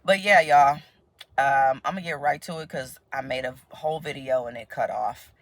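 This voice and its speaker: She's a vlogger from the United States with a bass voice and a moderate pace, talking casually and chattily to camera. She laughs a lot and quotes people in animated voices, and there's no echo.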